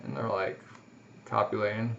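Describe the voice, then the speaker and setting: A man's voice: lowish voice, flat delivery, moderate pace, creaky, bright, forceful tone, slight background noise. A man casually reading a comic aloud and commenting on the panels with lots of fillers, in a muffled lo-fi recording. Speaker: comic reader.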